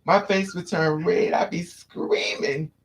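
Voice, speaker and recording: A man chatting casually, telling childhood stories in an animated way and acting out the voices of people he quotes. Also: high-pitched, takes it slowly, creaky. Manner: animated storyteller, squeals and acts out quotes. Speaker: podcast host. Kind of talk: casual chat.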